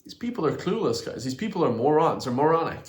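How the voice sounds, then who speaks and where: A man's voice: on the high side, sing-song, fast. Irish man ranting in an echoey room. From Ireland. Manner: indignant, ranting, keeps addressing viewers as guys. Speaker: channel host commenting on a protest video. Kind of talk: reaction commentary to viewers.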